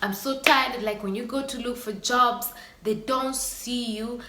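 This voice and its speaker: An earnest, emotional woman vlogging straight to her viewers, with sighs between her thoughts. Her voice is bright and forceful and rings in an echoey room. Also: fairly high pitch, fairly even intonation, unhurried. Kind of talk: personal vlog monologue.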